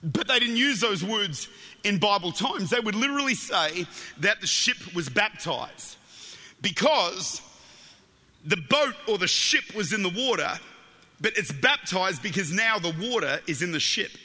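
A man with an Australian accent preaching a sermon, joking with the crowd and rising to shouted fervor. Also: high voice, a little slow, big-room sound. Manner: humorous, animated, building to shouted fervor.

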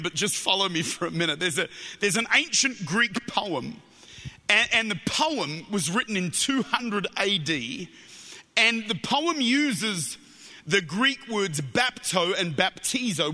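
In a large church hall whose long reverb echoes his words, an Australian man delivers a sermon. His voice is very high and intensely bright, and he blends humor with passionate, shouted appeals, growing more animated until he reaches a shouted fervor.

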